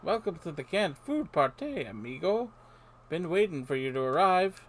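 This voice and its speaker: A man's voice: on the high side, big pitch swings, normal speed, slight background noise. A man voicing a laid-back, hyped-up male party host creature from a video game.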